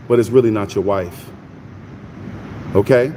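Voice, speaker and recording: A man's voice: medium pitch, normal speed, long reverb tail, a little hiss or hum. A middle-aged man, hosting a morning Bible reading stream in a casual, folksy preaching style and greeting his viewers by name. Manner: folksy, animated, talks to his chat by name.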